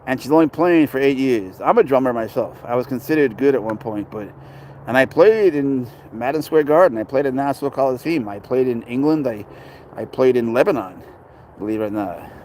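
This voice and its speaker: A man's voice: medium pitch, expressive, fairly quick, darkish tone, a little hiss or hum. A middle-aged man, rambling in casual chat while talking with people and viewers outdoors. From New York. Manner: rambling, chatty, talks to passers-by and chat. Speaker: pet owner vlogger. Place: outdoors at a city dog park.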